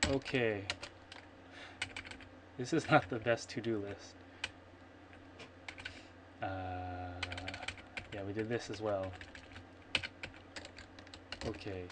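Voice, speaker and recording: With long pauses and a slow pace, a man with a lowish voice streams his programming, thinking aloud, rambling, correcting himself, and muttering. The casual screencast, recorded on a computer microphone, carries heavy background noise of keyboard typing and clicks.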